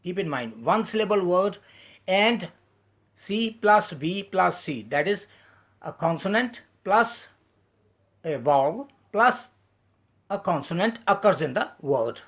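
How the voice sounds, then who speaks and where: Fairly high-voiced man spelling words out. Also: lively intonation, a bit bright. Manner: spells words out letter by letter, slow deliberate delivery. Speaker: English teacher. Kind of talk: spelling lesson switching between English and Hindi.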